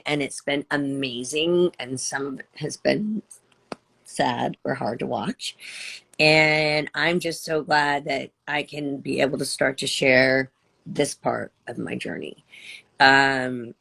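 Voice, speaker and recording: An older woman speaks warmly but haltingly to her followers over a phone or video stream. Her voice is gravelly, and she talks slowly, gushing and stumbling into restarts as she rambles. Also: deep voice. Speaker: livestream host. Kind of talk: emotional live-stream chat.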